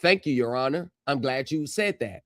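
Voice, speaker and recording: A man live-streaming reactions to court footage, talking straight to his viewers and shouting at the screen. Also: mid-range voice, lively intonation, moderate pace, background noise. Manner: heated, yells at the screen; addresses viewers directly.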